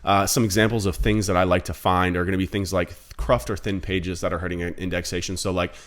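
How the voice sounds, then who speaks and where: A man's voice: deep voice, level tone, fast talker. A man in his thirties giving a casual screen-recorded marketing tutorial, blunt and conversational, calling viewers guys. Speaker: marketing instructor.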